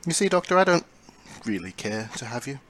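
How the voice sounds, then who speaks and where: A man voicing a cold, smug villain who rules a cyborg swarm, speaking softly with a sneer and half-whispers. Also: medium pitch, big pitch swings, fairly quick, slight background noise. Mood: menacing.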